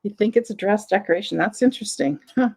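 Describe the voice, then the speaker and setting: A woman's voice: medium pitch, fast, darkish tone, slightly rough, rough recording. A woman with a Southern American accent hosting a live online vintage sale in a chatty way, reading viewer comments aloud between descriptions of items. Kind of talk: live-stream sales chat.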